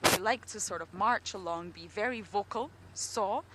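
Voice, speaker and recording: A woman with a Scottish accent working as a safari guide, giving playful, lively commentary from an open vehicle on a live game drive. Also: medium pitch, moderate pace, heavy background noise.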